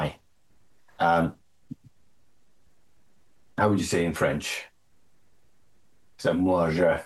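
A man leading a Bible study, explaining a passage in a halting way, often repeating words and lifting his voice on quotations. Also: expressive. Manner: halting, repeats words, stresses phrases with rising pitch. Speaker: Bible teacher.

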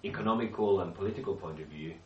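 A man's voice: low-pitched, fast talker, dull audio. A man leading a Bible study group, explaining with questions to the group and frequent restarts. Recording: echoey room, speaker far from mic.

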